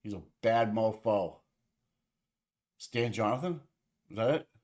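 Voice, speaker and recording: A man's voice: lowish voice, animated, unhurried, darkish tone. A man co-hosting a livestream in casual, profane, rambling chat with his viewers. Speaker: livestream co-host.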